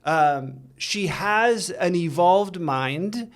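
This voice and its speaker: A man with a slightly higher voice speaks earnestly, stopping and restarting as he works through a hard personal story. His delivery is candid, conversational and unpolished. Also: expressive. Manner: earnest, halting, with many restarts. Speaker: interview guest. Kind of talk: candid storytelling in a recovery interview.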